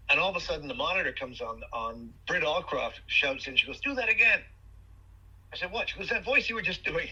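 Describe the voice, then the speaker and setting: A man guest on an interview podcast, telling animated stories about his acting work with many fillers and restarts. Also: mid-range voice, slightly rough, dull audio. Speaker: guest actor.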